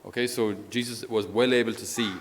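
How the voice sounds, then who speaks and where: An Irish man speaking as a priest in a conversational homily. He is a lively storyteller who often chuckles as he talks. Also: mid-range voice, a little fast, a little hiss or hum. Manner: animated storyteller, chuckles while talking.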